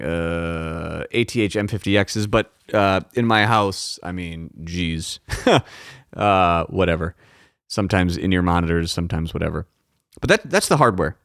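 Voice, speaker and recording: A man's voice: low-pitched, a bit bright, no room sound. A man hosting a podcast, talking casually and profanely about his recording setup into a close studio microphone at home. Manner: rambling, profane, self-interrupting. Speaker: podcast host. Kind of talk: casual solo talk about audio gear. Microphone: close dynamic studio microphone.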